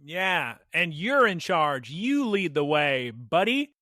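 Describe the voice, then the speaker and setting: A man's voice: on the high side, sing-song, slow pace, bright, forceful tone, no room sound, studio quality. A man hosting a podcast in casual chat, playful and joking as he leads the recap. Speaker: podcast host.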